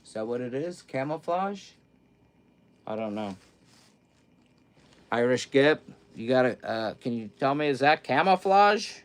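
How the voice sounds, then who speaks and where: A middle-aged man talks at an easy, drawn-out pace on his livestream, his voice sitting at an ordinary middle pitch. He rambles in a loose, self-mocking way as he unpacks clothes and answers chat. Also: animated. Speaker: livestream host. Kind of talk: casual live-stream chat, unboxing clothes.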